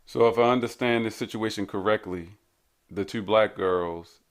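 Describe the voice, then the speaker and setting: A man's voice: fairly low pitch, moderate pace. A man hosting his own show, delivering a blunt, preachy ranting monologue full of repeated rhetorical questions. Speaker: host.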